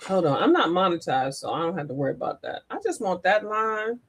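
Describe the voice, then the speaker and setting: A woman hosting a casual livestream, animated, laughing often and breaking into sung and mimicked lines. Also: fairly low pitch, brisk, husky. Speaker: livestream host. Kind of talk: casual live chat.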